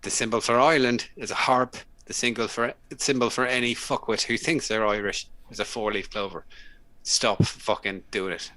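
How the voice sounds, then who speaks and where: A man's voice: medium pitch, fairly even intonation, moderate pace, sharp tone, dry recording, close to an everyday voice. Give me a man playing an indignant Irish guy ranting online in a put-on Welsh-style accent, swearing hard.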